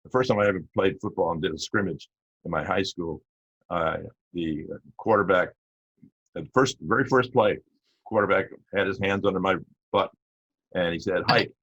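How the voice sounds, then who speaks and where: Older male interview guest, a retired cop, folksy and halting, with a low, slightly husky voice. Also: fairly bright tone, no echo. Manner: rambling, halting, with many fillers and restarts. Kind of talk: casual storytelling interview. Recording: dull lo-fi audio.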